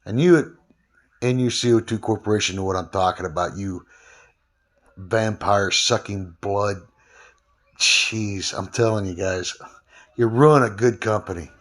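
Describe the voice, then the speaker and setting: A man's voice: on the low side, measured pace, long pauses, fairly bright tone. Rambling man ranting to camera. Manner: rambling, frequent fillers and restarts; aggrieved. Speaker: former delivery driver. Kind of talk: casual vlog rant.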